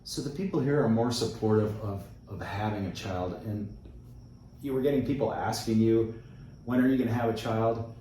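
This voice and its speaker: Low-voiced man host in an echoey room. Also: normal speed, mellow, slight background noise. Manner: earnest, reflective, many short affirmations. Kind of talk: conversational interview. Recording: very echoey, distant mic.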